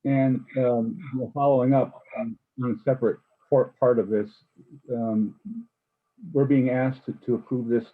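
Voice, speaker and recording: A board member questioning officials at a public meeting, speaking haltingly with frequent restarts. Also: male voice, medium pitch, steady tone. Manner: halting, many restarts and repeated words. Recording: husky voice on a tinny phone-like line.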